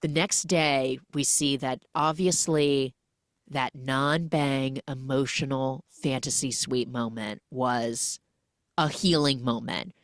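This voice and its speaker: A woman hosting a film recap podcast, telling the story in an animated way with casual asides. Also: a bass voice, slow pace, no echo, clean studio sound. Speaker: podcast host.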